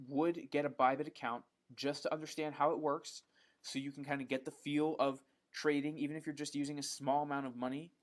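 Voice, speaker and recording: Casual man hosting a live Q&A. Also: medium pitch. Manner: relaxed and chatty, frequent ums, calls viewers bro. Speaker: livestream host answering viewer questions.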